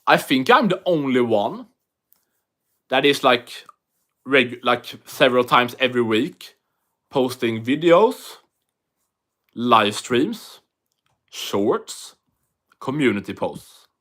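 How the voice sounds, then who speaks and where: A man's voice: medium pitch, animated, takes it slowly, pauses often, fairly bright tone. A Swedish man with a Swedish English accent, chatting casually and profanely on an MMA livestream while reading chat aloud. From Sweden.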